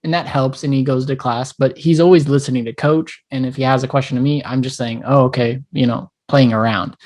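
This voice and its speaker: A man's voice: mid-range voice, fairly even intonation, a little fast, darkish tone. A man co-hosting a podcast, chatting casually in a blunt, profane way and telling stories with animation. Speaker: podcast co-host. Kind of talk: casual chat.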